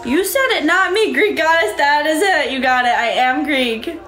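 High-voiced, breezy woman live-streamer. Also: moderate pace, fairly bright tone, faint music behind. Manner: breezy and upbeat, thanking viewers by name. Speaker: livestreamer. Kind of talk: casual live-stream chat reading out viewer comments. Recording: echoey room.

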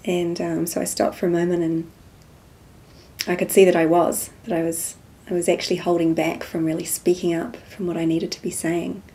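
A woman, softly telling a personal spiritual story as an interview guest. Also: fairly low pitch, flat delivery, moderate pace. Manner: soft-spoken storytelling, acts out quoted dialogue.

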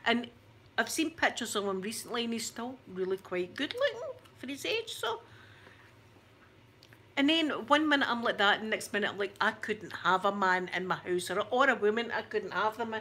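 A woman's voice: on the high side, sing-song, normal speed, bright, forceful tone, slight background noise. A woman in her forties with a thick Scottish accent, chatting to her camera in a rambling, self-mocking way. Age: 40s. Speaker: YouTuber.

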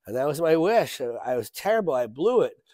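A man's voice: on the high side, sing-song, fairly quick, mellow, dry recording. A man demonstrating a magic trick, telling a joking story as a chatty showman. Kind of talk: comic storytelling trick patter.

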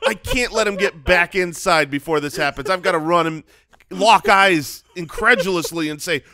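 A man's voice: high-pitched, normal speed, bright, forceful tone, dry recording, studio quality. A man co-hosting a comedy podcast, spinning exaggerated playful scenarios in casual chat.

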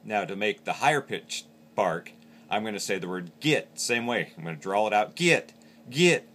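A man's voice: on the low side, lively intonation, normal speed, fairly bright tone, slight background noise. A man teaching how to use a game call, explaining each step plainly. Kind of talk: hands-on instructional demo.

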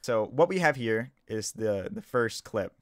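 A man's voice: lowish voice, animated, measured pace, dry recording, clean studio sound. A man, just woken up, explaining himself in a casual video commentary, defensive and stumbling, repeating and restarting his sentences. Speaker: gaming YouTuber.

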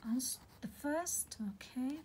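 A woman teaching a literature lesson in a soft, half-whispered voice, patiently explaining and filling pauses with "okay". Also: high-pitched, slight background noise, low-quality recording. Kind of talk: recorded lecture on poetic meter.

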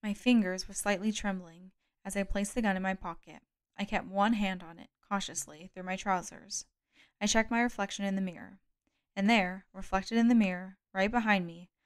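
A woman narrating a novel as an audiobook in a steady, measured reading. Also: medium pitch, smooth. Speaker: audiobook reader.

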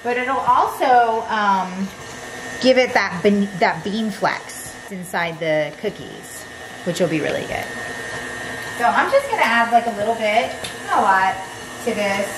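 A woman's voice: mid-range voice, unhurried. A woman hosting a casual cooking demonstration, chatty and playful, talking straight to the viewer. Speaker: cooking show host. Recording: echoey room, mic at a distance, steady background hum.

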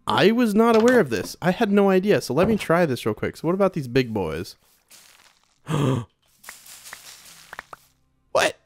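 A young man with a rather high, unhurried voice and some vocal fry hosts a let's play, pausing often, with no echo and soft game music in the background. He's animated, and when things go wrong he yelps and repeats himself.

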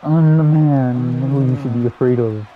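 A man's voice: mid-range voice, steady tone, moderate pace, phone-quality sound, close to an everyday voice. A man voicing a cocky mustached male wrestler who gives bossy orders and claims the fight for himself, in improvised fan role-play. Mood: commanding. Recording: arena crowd noise behind.

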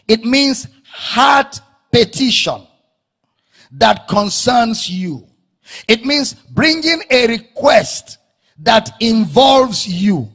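A man preaching a sermon, breaking into shouts and sing-song rises and drawing out key words. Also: very high voice, husky. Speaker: pastor.

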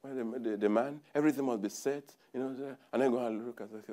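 A man preaching a sermon in a church, animated, laughing often and acting out the voices of the people he quotes. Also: mid-range voice, a little fast, few pauses.

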